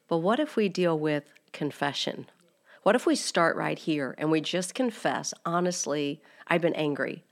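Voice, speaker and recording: A middle-aged woman hosting a faith-based podcast, teaching in an earnest, direct way and asking her listeners many rhetorical questions. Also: fairly low pitch. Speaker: podcast host.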